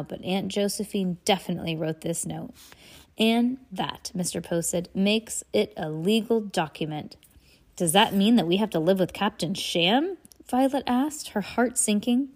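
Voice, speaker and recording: A woman reading a novel aloud in a casual way, stumbling and correcting words as she goes. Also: medium pitch. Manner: reads aloud haltingly, stops to comment and laugh. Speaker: reader. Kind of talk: casual read-aloud with asides.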